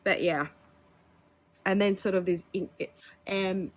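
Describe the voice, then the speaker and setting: Slow and steady in tone, a woman at medium pitch shows her pens in a relaxed show-and-tell for her pen hobby vlog. She talks candidly, with filler words and small laughs.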